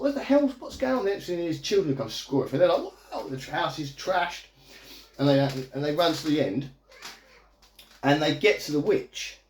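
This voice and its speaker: A man's voice: medium pitch, a little mellow. A man in a casual video review, recapping a movie plot in a chatty, amused, rambling way. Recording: echoey room.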